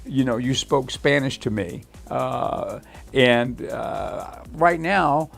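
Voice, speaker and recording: A man hosting a live talk show about technology, speaking in a halting way with many fillers and restarts. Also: medium pitch, animated, vocal fry, a bit bright, faint music behind. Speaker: host.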